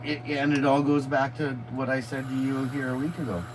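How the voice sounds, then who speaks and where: A man of mid pitch speaks in a folksy, colloquial way on a casual livestream. He is inside a motorhome, with a faint vehicle hum behind him. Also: little pitch movement, fairly quick.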